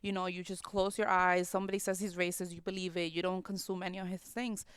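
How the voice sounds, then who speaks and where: A woman's voice: on the low side, level tone, fast talker, smooth, no echo. A woman co-hosting a podcast, outspoken in casual political chat and backing up the host.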